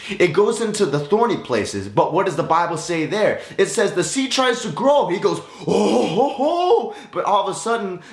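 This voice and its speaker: A young man giving a casual, goofy Bible lesson, full of sound effects and silly voices. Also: on the high side. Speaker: youth Bible teacher. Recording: echoey room with faint music.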